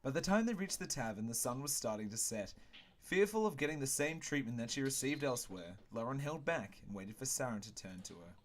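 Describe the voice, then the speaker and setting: A man hosting a game playthrough, reading the story aloud and chatting casually, playful and excitable. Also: mid-range voice, fairly quick. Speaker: let's play host and reader.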